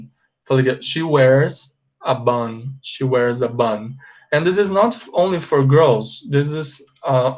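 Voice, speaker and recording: A man with a Brazilian Portuguese accent, a native Portuguese speaker teaching an online English lesson, slowly repeating words for pronunciation and often checking in with "ok?". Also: medium pitch, darkish tone.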